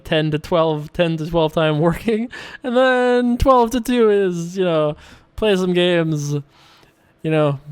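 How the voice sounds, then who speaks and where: A young man talks his way through online poker hands in a loose, rambling style. He stops and restarts often and reads viewer questions out loud. His voice sits a little high and sounds smooth and clear. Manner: rambling, chatty, self-correcting. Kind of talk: casual commentary while playing.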